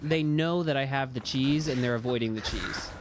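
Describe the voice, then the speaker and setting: A young man streaming a game live, chatting casually, rambling between topics and yelling and swearing at the enemies. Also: mid-range voice, normal speed, background noise. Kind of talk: casual live gameplay commentary. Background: game music.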